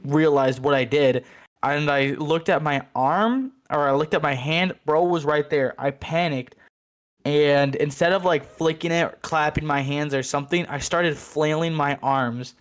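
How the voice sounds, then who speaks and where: A young man co-hosting a casual podcast, telling an animated, jokey story full of slang. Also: a little high, unhurried, clean tone. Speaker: podcast co-host. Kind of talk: casual chat.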